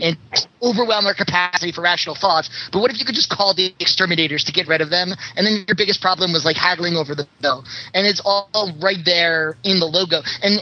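A host with a bright, somewhat tense voice explains their own writing, hesitating and restarting often. The sound is dull and lo-fi. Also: mid-range voice. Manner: hesitant, many restarts, apologetic. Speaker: podcast host and writer. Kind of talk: casual interview talk. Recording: dull lo-fi audio.

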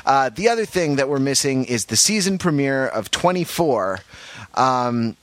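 A man hosting a podcast in casual banter, jokey and quick to slip into funny voices. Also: mid-range voice, very animated, fairly bright tone, no echo. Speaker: podcast host.

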